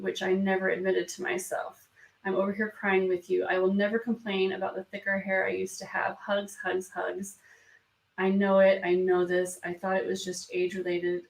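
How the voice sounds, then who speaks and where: A woman hosts a live stream, reading comments in a soft, hesitant voice full of ums. She is emotional and near tears, and her voice has a gravelly edge. She sits back from the mic in an echoey room. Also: medium pitch, monotone, normal speed. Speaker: beauty vlog host. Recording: roomy sound from a distance from the mic.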